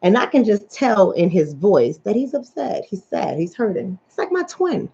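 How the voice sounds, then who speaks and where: A woman from the New York and New Jersey area with that accent, hosting a casual livestream as a relationship coach and reading out viewer comments in an animated storytelling manner. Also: mid-range voice, moderate pace, breathy edge. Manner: animated storytelling, acts out quoted voices. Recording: dull lo-fi audio.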